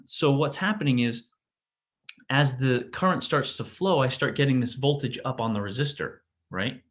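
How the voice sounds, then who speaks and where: A man's voice: medium pitch, lively intonation, measured pace, a bit bright. Casual male physics lecturer. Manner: casual, self-interrupting, checks in with "right?". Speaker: physics teacher. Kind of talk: classroom lecture.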